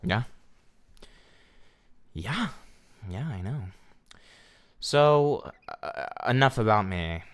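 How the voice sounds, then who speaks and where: A man's voice: mid-range voice, lively intonation, extremely slow, long pauses. A young man streaming casually, telling a profane, ranting story to his chat.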